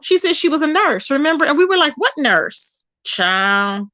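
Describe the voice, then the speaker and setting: Chatty woman streamer, slightly high voice. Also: a little fast, no echo. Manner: animated and chatty, calls viewers "baby" and "child". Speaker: live-stream host reading chat. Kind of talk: casual gossip commentary.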